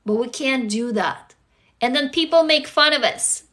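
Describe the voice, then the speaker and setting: An unhurried woman with a high-pitched, fairly bright voice hosts a casual livestream while tired and sleepy. She talks candidly to her viewers, swears without restraint, and asks them rhetorical questions.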